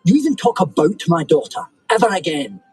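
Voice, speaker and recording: A menacing cop dad. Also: male voice, fairly high pitch, sing-song, darkish tone, husky, soft background music, full character voice, rough recording. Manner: menacing, slow, deliberate threats. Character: protective cop father threatening teen boys.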